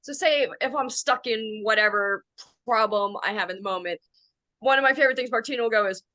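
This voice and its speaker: A woman's voice: a little high, brisk, pushed and bright. A woman co-hosting a podcast in casual chat, blunt and playful, swearing casually. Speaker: podcast co-host.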